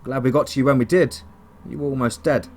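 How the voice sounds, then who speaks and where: A man voicing an older male forest service official who speaks with a Texan twang in a calm, questioning way. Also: medium pitch, quick pace, slight background noise, natural voice. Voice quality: country twang.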